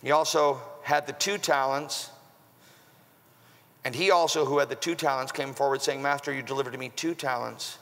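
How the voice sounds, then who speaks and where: A male pastor preaching an animated sermon, acting out the scripture with raised shouts. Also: medium pitch, normal speed. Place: large church hall with long reverb. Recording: live sermon in reverberant church hall.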